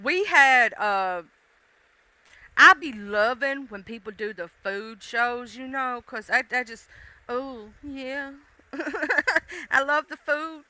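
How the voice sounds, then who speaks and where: A woman's voice: high voice, slow, pushed and bright, no echo. A woman hosting a casual livestream, chatting playfully with viewers with lots of fillers and laughs. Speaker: livestream host.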